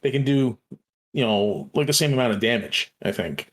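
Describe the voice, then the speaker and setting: A man's voice: mid-range voice, lively intonation, moderate pace. A man co-hosting a podcast, talking casually and earnestly with frequent hesitations and restarts. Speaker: podcast co-host. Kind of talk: casual chat.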